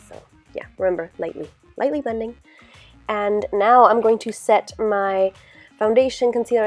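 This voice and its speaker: A woman's voice: medium pitch, a little mellow. A young woman with a congested, stuffy voice from a cold, chatting casually through a makeup tutorial with lots of "like" and "you know". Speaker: beauty vlogger.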